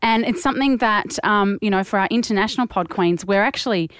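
A woman's voice: mid-range voice, fast talker, fairly bright tone, clean tone, no room sound, clean studio sound. A woman in her thirties with an Australian accent, co-hosting a podcast and telling stories in a peppy, chatty way. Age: 30s. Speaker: podcast co-host. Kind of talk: casual chat.

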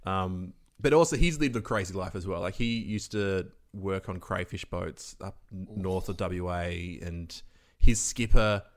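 A man's voice: deep voice, measured pace, few pauses. A man from Western Australia, a podcast guest chatting casually and rambling through stories. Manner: rambling, laughing, trails off mid-sentence. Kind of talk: casual chat.

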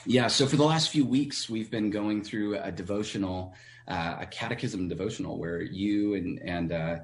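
A man, a pastor, telling a personal story as a radio guest in an earnest, halting way with frequent restarts. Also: fairly low pitch.

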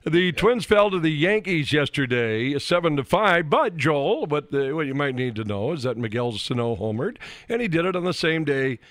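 A man's voice: fairly high pitch, lively intonation, normal speed, hardly any pauses, a bit bright, no room sound, studio quality. A man hosting a radio sports show in casual chat. He laughs often and restarts his sentences.

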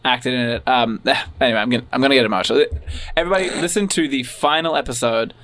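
A man's voice: mid-range voice, fast, a bit bright. Flustered, rambling male podcast host. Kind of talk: comedic podcast banter.

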